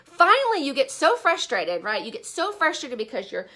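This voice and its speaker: A high-voiced woman with a crisp, bright tone hosts a live stream as a business coach. She talks in a chatty, upbeat way and keeps asking her viewers direct questions. She speaks from a bedroom at home. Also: wildly swooping pitch, normal speed.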